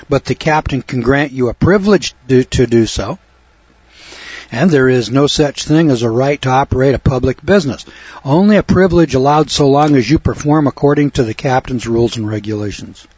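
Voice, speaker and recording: A man's voice: medium pitch, darkish tone, breathy edge, no echo. A man giving lecture-style radio commentary, folksy and sardonic, with a lecturing cadence, recorded on a dull lo-fi radio recording.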